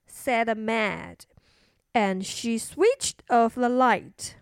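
A woman narrating a children's story in a slow sing-song manner. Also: on the high side, no room sound, studio quality.

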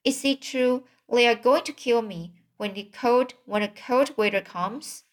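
A woman's voice: fairly high pitch, unhurried, natural voice. Woman doing a panicky young pig. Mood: panicked. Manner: panicky, pleading, cries out. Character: frightened young male pig, whiny.

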